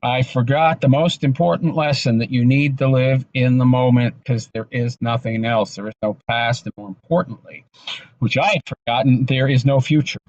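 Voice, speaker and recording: An exhausted man recording a personal vlog monologue, talking in a halting, subdued way with many restarts. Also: medium pitch, darkish tone, muffled recording. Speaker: vlogger. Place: in his car.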